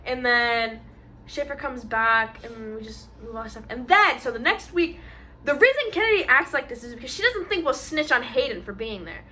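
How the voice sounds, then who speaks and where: A young woman with a bright, sharp, somewhat high voice tells a story in relaxed mukbang chat. She talks in an animated way, full of "like", and slips into voices when she quotes people. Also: normal speed. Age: young adult. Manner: animated storyteller, acts out quotes, many fillers. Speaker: co-host telling a story.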